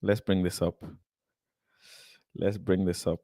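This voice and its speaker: A man hosting a football fan livestream, excitedly chatting, at times shouting and singing along. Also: low voice, slow, no echo, studio quality. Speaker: football channel host. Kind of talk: livestream chat. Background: music playing.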